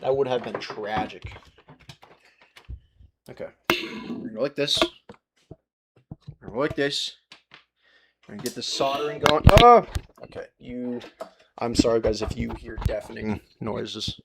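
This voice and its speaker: Young male streamer, mid-pitched, loose and profane, chatting to chat mid-task, voice drifting off-mic. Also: a little slow, pauses often, background noise. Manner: rambling, profane, laughing at himself; talks to chat while working, often turned away from the mic. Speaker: livestreamer. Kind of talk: casual live-stream chat while soldering.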